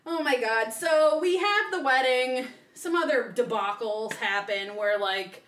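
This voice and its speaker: A woman on a podcast telling a story in a casual, animated way, acting out what people said in little voices. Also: on the high side, a little slow, recorded from a distance. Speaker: podcast co-host. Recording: roomy echo, voice a bit off-mic.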